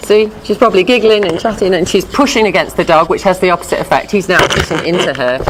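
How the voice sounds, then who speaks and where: A woman teaching a dog behavior class in a chatty, animated way, often acting out voices. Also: on the low side, fast, slight background noise. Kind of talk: informal lecture with slides.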